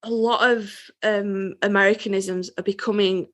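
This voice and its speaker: A British woman co-hosts a podcast in casual, candid chat. Her voice sits at a middle pitch, and she swears now and then and laughs through her words. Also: fairly even intonation, moderate pace, fairly bright tone. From Britain. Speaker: podcast co-host.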